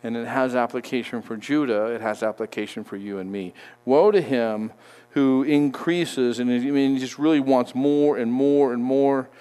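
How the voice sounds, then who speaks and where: A man's voice: medium pitch, fairly even intonation, warm tone, clear, resonant tone. A man giving a conversational sermon, reading verses aloud and explaining them with frequent restarts. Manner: conversational, halting, with restarts while reading scripture. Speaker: Bible teacher.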